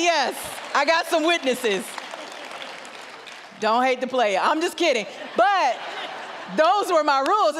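A middle-aged woman, a guest pastor, preaches a sermon in a large church, acting out family dialogue through lively storytelling. Her voice sits high, and a long reverb trails each phrase through the hall.

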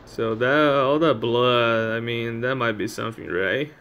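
A man's voice: medium pitch, a little slow, fairly bright tone, smooth. A man giving casual, joking commentary while playing a game, chatting to viewers and laughing at it. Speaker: gameplay channel host. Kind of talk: casual let's-play commentary.

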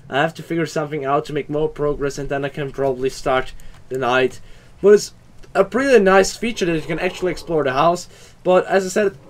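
A young man hosting a horror game playthrough, talking loud, swearing and bursting into screams. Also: fairly high pitch. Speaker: gaming channel host.

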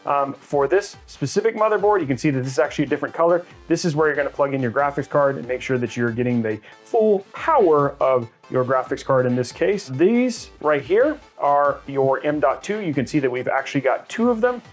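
A man hosting a hands-on tutorial, explaining each step in an energetic, chatty way with fillers and quick asides. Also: a little high, faint music behind. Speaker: tech channel host.

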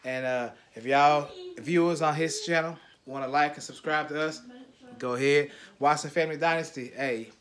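A man's voice: fairly high pitch, fairly even intonation, moderate pace, a bit bright. A man, a father hosting his family's vlog, hyping up viewers and teasing his son in casual commentary. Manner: hyped, teasing, calling out to viewers. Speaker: channel host and father.

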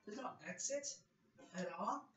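A man's voice: very high voice, expressive, measured pace, fairly bright tone. A man giving gameplay commentary, talking to himself in jumpy, nervous bursts, often repeating phrases and calling out to viewers. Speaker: gameplay video creator. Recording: distant, roomy, dull lo-fi mic with faint hiss.

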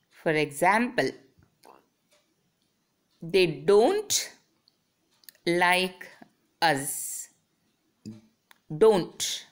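A woman lecturing on English grammar, explaining step by step and drawing out her example sentences. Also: fairly low pitch. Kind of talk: slow, deliberate grammar lesson.

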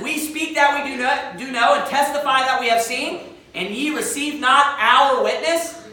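A woman's voice: sits high, sharp tone. A woman preaching a fervent sermon, quoting scripture in old-fashioned wording. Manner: fervent, quotes scripture in King James wording. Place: church sanctuary. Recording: very echoey church hall, mic at a distance.

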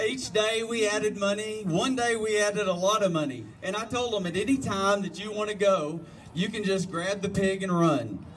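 A man's voice: high-pitched, normal speed, a bit bright. A man hosting a contest, announcing a prize draw and explaining the rules in a folksy, step-by-step way. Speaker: contest host. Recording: distant mic, noisy outdoor event.

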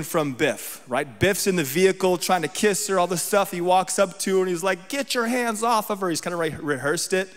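Guy preaching to a church crowd, kinda high voice, keeps asking right?, echo trails off in a big hall. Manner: conversational preaching, checks in with the crowd. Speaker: guest preacher. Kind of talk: sermon. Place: church sanctuary.

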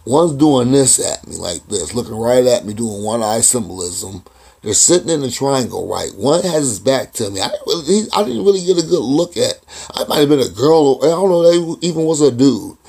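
A man with a gravelly, rough-edged voice, rambling through a personal story in a casual vlog. He chuckles often and keeps restarting his sentences. His voice has a breathy, husky grain. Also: medium pitch, expressive, moderate pace, darkish tone. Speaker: vlogger.

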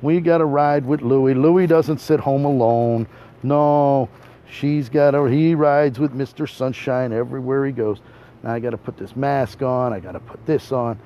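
A man's voice: mid-range voice, fairly even intonation, normal speed, mellow. A man giving a boat tour, talking in a brash, teasing monologue straight to the listener and repeating himself for effect. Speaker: tour guide. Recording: dull boat recording with motor noise.

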